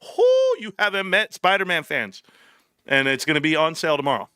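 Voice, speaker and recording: Man, live-stream host, bright and sharp tone, dry close sound, joking, laughing, swearing. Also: a little high, brisk, clear, resonant tone, dry recording. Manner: joking, rambling, swears freely, laughs often; talks straight to chat viewers by name. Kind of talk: casual live-stream chat.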